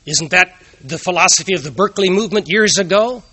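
A man's voice: high-pitched, fast, sharp tone, breathy edge, no room sound. A man giving an earnest moral talk, telling personal anecdotes and asking rhetorical questions.

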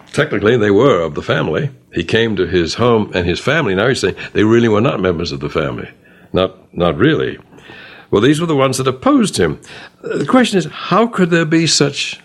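An older man teaching a Bible study in a conversational way, reading scripture aloud and commenting on it. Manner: reads scripture aloud and comments, rising in pitch on questions.

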